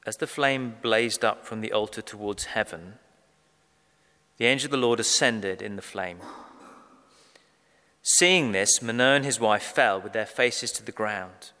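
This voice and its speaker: A man preaching a sermon, measured and emphatic, slowing down to stress key phrases. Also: lowish voice, sharp tone. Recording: long reverb of a large hall.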